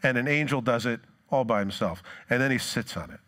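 A man's voice: mid-range voice, fairly quick. Storytelling male pastor preaching. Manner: animated storytelling, acts out quoted lines. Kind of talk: sermon.

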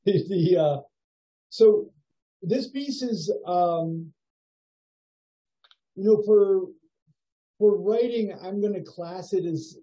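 A man teaching a writing workshop over a video call, giving feedback in a musing, halting way with many fillers. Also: high voice, mellow. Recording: dull lo-fi video call audio.

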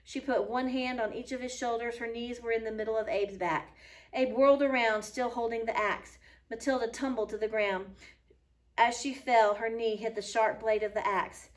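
A woman teacher reading a children's book aloud to a class, clear and patient, stopping now and then to comment. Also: fairly high pitch, fairly even intonation, normal speed. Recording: voice a little far from the mic.

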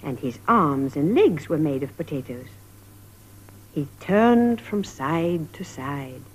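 A woman narrating a story for young children in a measured, sing-song 1950s television style. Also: low-pitched, lively intonation, a little mellow, husky. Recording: dull lo-fi 1950s television recording.

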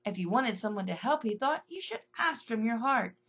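Gentle lady reading a kids' rhyming story, sing-songy, bouncy pitch. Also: very animated, normal speed, husky. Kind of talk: rhyming children's story narration.

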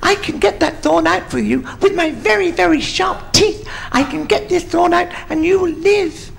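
A man's voice: very high-pitched, normal speed, vocal fry, fairly bright tone, slight background noise, voice pushed up, full character voice. A man voicing a cheeky, crude little male mouse in a bawdy stage joke, with a sly tone. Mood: coaxing.

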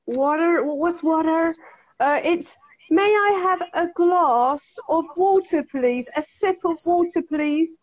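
A man putting on a falsetto voice to play an exasperated British woman accent coach who mocks and exaggerates, with a British accent. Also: slow pace, low-quality recording. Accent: British English. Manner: squeaky falsetto, mocking and exaggerated.

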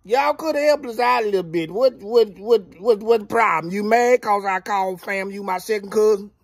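A man's voice: high voice, normal speed, dry recording. A man giving a casual football recap, drawling and playfully trash-talking. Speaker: sports commentator vlogger.

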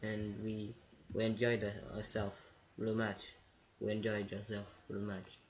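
A man giving casual, excitable gameplay commentary, rambling and giggling as he plays. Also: on the low side, moderate pace, a little hiss or hum. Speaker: let's play gamer.

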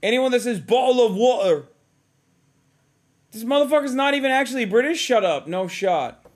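Profane, mocking male streamer, high voice. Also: lively intonation, fast talker. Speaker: streamer reacting to a clip. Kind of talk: live stream reaction commentary.

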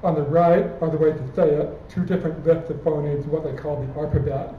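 A man's voice: on the high side, steady tone, fairly quick, slight background noise. A man giving a conference talk, explaining a technical example step by step. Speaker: conference speaker. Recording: distant, phone-like sound in an echoey hall.

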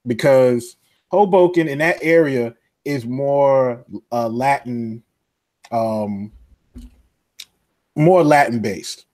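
A podcast co-host with a New York accent tells a long, animated story, acting out other people's voices along the way. His voice is medium-pitched with a darkish tone.

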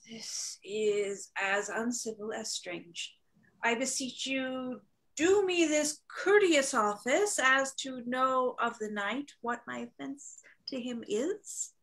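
A woman reading a timid young woman disguised as a page in a Zoom play reading, hesitant and measured. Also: fairly high pitch, fairly bright tone. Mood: anxious. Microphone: video call.

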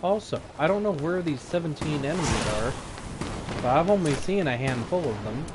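With a fairly high, expressive voice at a moderate pace, the streamer keeps up live chatter and playful jabs at opponents as he plays. The background is noisy with game gunfire and effects.

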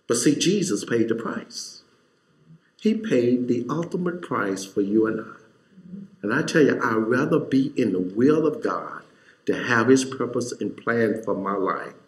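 A man's voice: fairly low pitch, animated, a little slow. A male pastor preaching a sermon, telling a story in a folksy way and building to fervent emphasis. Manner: folksy, informal grammar. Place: church sanctuary. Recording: echoey church hall.

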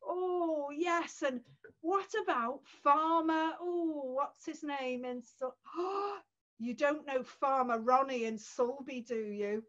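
High-voiced woman hosting a kids' sing-along on a dull video call, slow and exaggerated. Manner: animated, exaggerated, talking to small children. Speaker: children's music session leader. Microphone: video call computer mic.

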